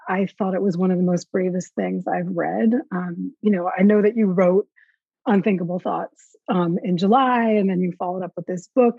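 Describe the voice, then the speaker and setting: A woman hosting a casual interview, gushing and warm, with many fillers. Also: mid-range voice, gravelly, breathy edge, dry recording, muffled recording. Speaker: host.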